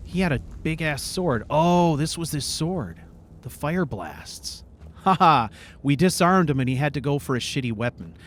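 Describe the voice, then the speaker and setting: A man hosting a let's play, chatting casually over his gameplay, swearing freely and breaking into sudden excited outbursts. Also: on the high side, moderate pace, slight background noise.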